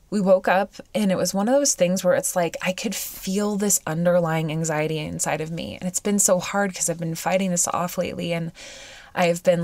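A woman hosting a personal podcast, weepy and close to tears, speaking in halting, searching phrases with frequent sighs. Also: lowish voice, darkish tone, no echo. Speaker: podcast host.

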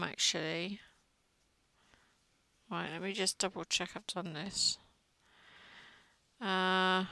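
A woman's voice: fairly low pitch, pushed and bright, clean tone, no room sound, low-quality recording. A middle-aged woman chatting and gossiping while she crochets, often trailing off mid-sentence. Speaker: crochet vlogger. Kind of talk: casual chat while crocheting.

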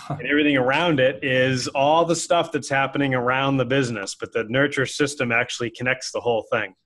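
A man's voice: medium pitch, fairly even intonation, fairly quick, a bit bright. A man co-hosting a casual business talk show, rambling with many fillers and restarts. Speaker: podcast co-host. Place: office with a whiteboard behind.

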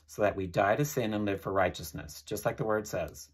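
Husky-voiced man preaching earnestly. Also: fairly low pitch, steady tone, moderate pace, few pauses. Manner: earnest, leads listeners in prayer, repeats phrases. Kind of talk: informal sermon.

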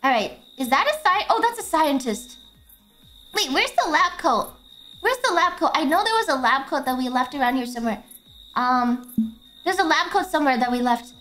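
A young woman streamer chatting excitedly while playing a game, giggling and swearing freely. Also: high voice, moderate pace, faint music behind. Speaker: VTuber streamer. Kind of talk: casual gameplay commentary.

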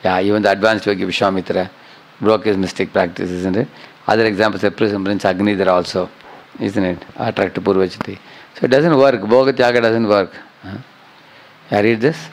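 Middle-aged man, lecturer; low, creaky, conversational teaching that keeps checking in with listeners. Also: steady tone, a little fast, low-quality recording. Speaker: spiritual teacher. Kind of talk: scripture class lecture.

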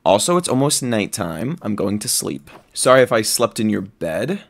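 A man giving excitable, jokey commentary while playing a survival game, squealing high whenever he is delighted. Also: normal speed. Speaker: gaming video creator.

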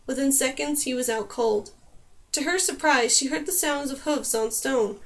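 High-voiced woman reading a fantasy novel. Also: moderate pace. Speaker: audiobook narrator.

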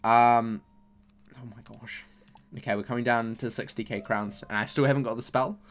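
A man's voice: medium pitch, fairly even intonation, moderate pace. Exasperated young man ranting over game packs. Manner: exasperated, repeats himself, mock-angry complaints. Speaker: gaming YouTuber. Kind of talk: casual game commentary while opening packs.

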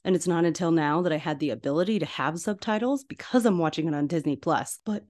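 Brief: woman podcast host, casual chatty film recap, slightly low pitch. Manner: animated, chatty, quick asides.

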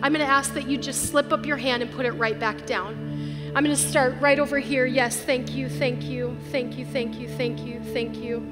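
A woman's voice: sits high, steady tone, normal speed. A woman pastor giving an earnest, emotional sermon to a live audience. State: tearful at times. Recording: live hall with long reverb, faint music.

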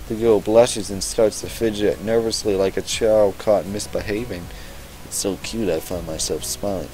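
A man's voice: on the low side, moderate pace, darkish tone, slight background noise, poor audio. A young man doing gameplay commentary on a visual novel, reading the text aloud with sarcastic, profane asides. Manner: sarcastic, swears a lot, reads text aloud. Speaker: let's-play gamer.

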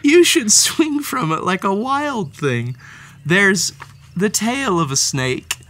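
A storybook reader with a medium-pitched, fairly bright voice reads a children's picture book slowly and with great animation. She hams it up, speaking to the character with gasps and exclamations.

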